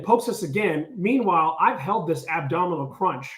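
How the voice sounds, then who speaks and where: A man tells a story in a relaxed, chatty way. He speaks in a slightly high voice and acts out the quotes. The room echoes around him. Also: normal speed, hardly any pauses. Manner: animated, lots of "like", acts out quotes. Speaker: storyteller on a podcast. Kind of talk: casual storytelling.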